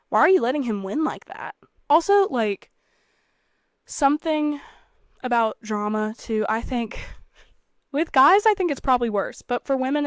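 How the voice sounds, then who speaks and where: Young woman host, chatty and earnest, fairly high voice, dry close sound. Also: no echo. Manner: chatty and earnest, frequent fillers, playful asides. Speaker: podcast host. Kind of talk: faith talk monologue.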